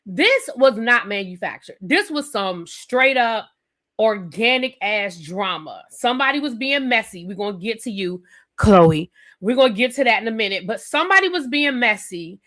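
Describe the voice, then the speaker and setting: Woman streamer, young adult, chatty and animated, high bright voice. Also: moderate pace. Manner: chatty, animated, talks straight to chat viewers. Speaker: YouTube reviewer hosting a live stream. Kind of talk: casual live-stream chat.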